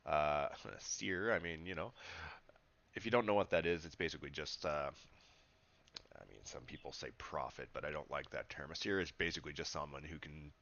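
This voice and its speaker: A man's voice: extremely low pitch, a little fast, creaky, fairly bright tone, muffled recording. A man, a livestreamer who calls himself a spiritual teacher, chatting with his viewers in an upbeat, rambling way and laughing often. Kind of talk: casual livestream chat. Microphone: webcam setup.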